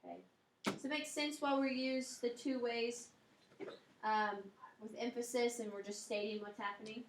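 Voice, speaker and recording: High-voiced woman teaching in an echoey classroom. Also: fairly even intonation, moderate pace, noisy background. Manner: explanatory, checks in with frequent "okay?" and "um". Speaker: Spanish teacher. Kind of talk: classroom grammar lecture.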